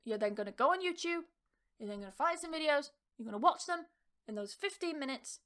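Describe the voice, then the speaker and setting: High-voiced blunt woman teacher. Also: a bit bright. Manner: blunt, emphatic, swears casually, checks in with "yeah?" and "okay?". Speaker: English teacher and podcast host. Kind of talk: casual motivational talk.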